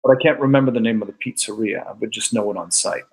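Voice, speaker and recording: A man's voice: lowish voice, fast talker, breathy edge, poor audio. A man with a New England accent, a guest musician chatting casually and easily with plenty of fillers. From New York. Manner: easygoing and chatty, with frequent fillers. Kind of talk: casual chat.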